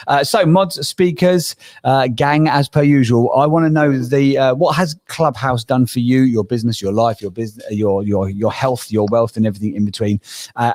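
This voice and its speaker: A man's voice: mid-range voice, a little mellow. A man hosts a casual live audio room, rambling through announcements and jokes at his own expense. The sound is dry and close, with no room echo. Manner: jokey, rambling, self-deprecating. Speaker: host. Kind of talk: casual chat.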